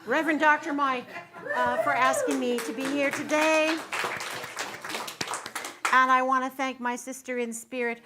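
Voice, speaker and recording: A woman's voice: sits high, expressive, a little slow, pauses often, heavy background noise. A middle-aged woman giving a Sunday sermon as guest minister, bubbly and chatty, laughing with her congregation. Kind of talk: sermon with singing and audience banter. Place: church sanctuary.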